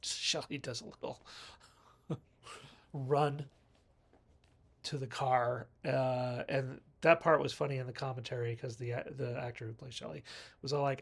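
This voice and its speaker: A man's voice: medium pitch, steady tone, a little slow, gravelly, long pauses, husky. Chatty man recapping a movie. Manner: chatty storyteller, acts out characters' lines. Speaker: movie reviewer.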